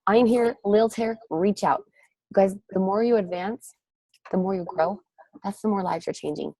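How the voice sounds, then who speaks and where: A woman's voice: mid-range voice, warm tone, no echo, poor audio. A woman coach giving an upbeat, gushing motivational pep talk to her team on a group call. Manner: upbeat, gushing, rapid encouragement. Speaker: network marketing coach leading a team call. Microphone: group call audio.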